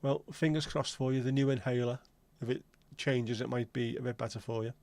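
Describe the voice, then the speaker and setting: A man's voice: medium pitch, steady tone, brisk, a little mellow, no echo. A man hosting a live stream, chatting casually and teasing his viewers as he reads and answers their comments. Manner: friendly, teasing banter with viewers. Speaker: livestream host.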